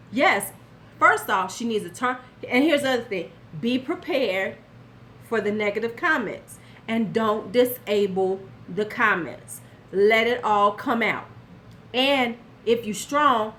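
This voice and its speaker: A woman's voice: a little high, fairly bright tone, slight background noise. An older woman vlogging casually about beauty, giving blunt, sassy advice straight to the viewer and answering chat now and then. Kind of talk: casual commentary vlog.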